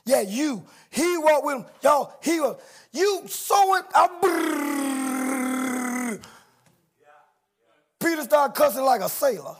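A man preaching a sermon, shouting and acting out quoted voices with call-and-response. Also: very high-pitched, sing-song, normal speed.

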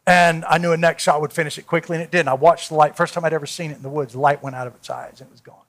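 A preacher with a high, bright voice tells a story from the pulpit of a church. His delivery swings from hushed, intimate asides up to loud, fervent peaks. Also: steady tone, racing. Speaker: pastor. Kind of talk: sermon. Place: church sanctuary.

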